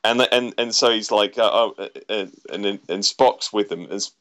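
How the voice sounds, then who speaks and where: A man's voice: on the low side, fairly bright tone. A man chatting about a film, stumbling over repeated words and restarts. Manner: halting, stammers and restarts a lot. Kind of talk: casual film discussion.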